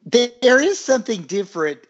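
A man's voice: extremely high pitch, big pitch swings, moderate pace, muffled recording, faint music behind. An easygoing man co-hosting a podcast and chatting enthusiastically about a movie. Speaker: podcast co-host. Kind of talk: casual movie discussion.

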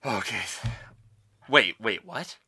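A man co-hosting a podcast in casual comedic chat, excitable and profane, with big exclamations. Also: on the low side, takes it slowly, creaky, slightly rough. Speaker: podcast co-host.

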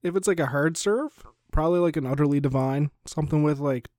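A man co-hosting a casual podcast, his voice a bit high and recorded dry and close. He talks in a relaxed, easygoing way, with plenty of "like" and short agreeing replies. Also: fast talker, no room sound. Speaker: podcast co-host. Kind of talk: casual chat.

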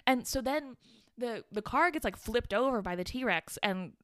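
A woman's voice: fairly high pitch, animated, moderate pace, no echo, studio quality. A woman co-hosting a podcast in a casual film chat, emphatic, swearing often and laughing. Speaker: podcast co-host.

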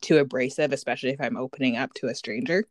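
A woman's voice: extremely low pitch, fast, no room sound. A woman in her thirties who grew up in Canada, chatting casually as a podcast co-host and telling stories animatedly. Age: 30s. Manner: animated storytelling, acts out quoted voices, laughs often. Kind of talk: casual chat.

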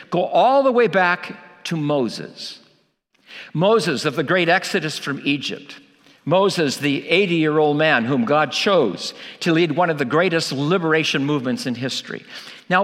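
Preaching man with a lively voice. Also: a little high, long reverb tail. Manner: emphatic, asks rhetorical questions and repeats key lines. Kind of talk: sermon.

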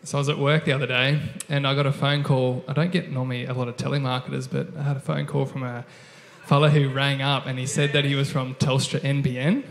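A man's voice: mid-range voice, level tone, fast, hardly any pauses. A man with an Australian accent, an online pastor, telling a church testimony in a chatty, amused way. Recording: echoey hall.

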